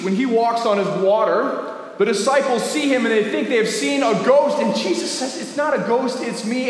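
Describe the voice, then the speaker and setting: A high-voiced male pastor preaches an animated, conversational sermon full of rhetorical questions. The church sanctuary is echoey, with faint ambience in the background.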